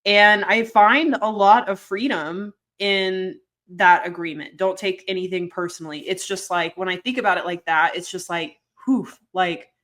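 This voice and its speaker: A woman's voice: on the low side, normal speed, few pauses, a bit bright. A woman co-hosting a podcast, talking in an earnest, reflective way. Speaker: podcast co-host. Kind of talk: casual podcast chat.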